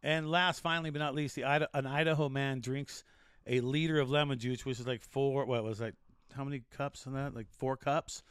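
A man's voice: medium pitch, steady tone, a little fast, a bit bright, clear, resonant tone, dry recording, studio quality. A man hosting a casual show, joking and rambling through odd news stories with restarts. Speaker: show host.

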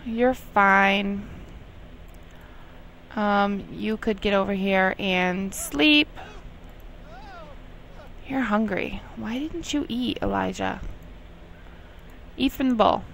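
A woman's voice: mid-range voice, very slow, creaky, pauses often, fairly bright tone, slight background noise, rough recording. Chatty woman scolding her game characters. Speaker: gameplay commentator. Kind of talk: casual let's play commentary.

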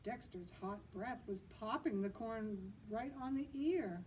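A woman librarian reads a picture book aloud at an outdoor children's storytime, gently pausing to ask her listeners questions. Her voice is mellow and dark in tone. She sounds a little distant from the microphone, with faint noise behind her. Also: on the high side.

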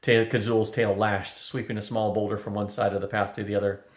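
An older man reading a fantasy novel aloud, steady and unhurried. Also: lowish voice. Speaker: storyteller. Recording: roomy echo.

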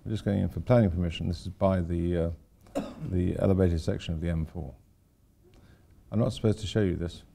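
A man's voice: low voice, fairly even intonation, a little fast, gravelly, dark tone, slightly rough. An older man giving an informal architecture lecture to students, rambling with wry, self-deprecating asides. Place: lecture hall at a university.

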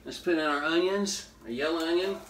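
A man's voice: fairly high pitch, a little fast, background noise. A man hosting a casual cooking demonstration in a kitchen, talking in a folksy, jokey way with hip slang. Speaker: horror movie host doing a cooking segment. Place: home kitchen at the stove. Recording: loud sizzling and frying in the background.

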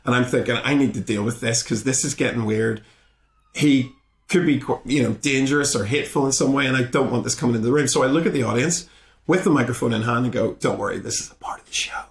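A man tells a story in an interview, jumping into the voices of everyone involved. His pitch sits in an ordinary middle range. He talks casually and swears freely, and the room gives his voice a noticeable echo. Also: fast talker. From Belfast, Northern Ireland. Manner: animated retelling, acting out both sides of the exchange. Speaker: guest comedian. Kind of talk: conversational storytelling in a podcast interview.

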